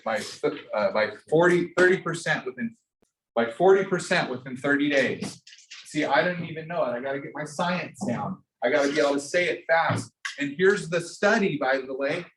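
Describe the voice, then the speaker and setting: A man teaching an entrepreneurship class, coaching students in an energetic way and often restarting his phrases. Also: medium pitch, far from the mic. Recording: echoey room, speaker off-mic, faint noise.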